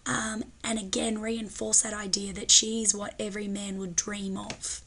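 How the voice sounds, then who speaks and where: A woman teacher, slightly breathy, explaining a film scene in a chatty way and often checking in with tag questions. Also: medium pitch, steady tone, unhurried, hardly any pauses, a bit bright. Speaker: English teacher. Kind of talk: film analysis lesson.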